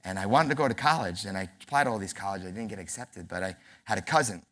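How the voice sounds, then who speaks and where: Speaking fast in a lowish, pushed, bright voice, this early-forties New Yorker gives a humorous keynote at a convention center. He pokes fun at himself and spins stories with acted-out dialogue.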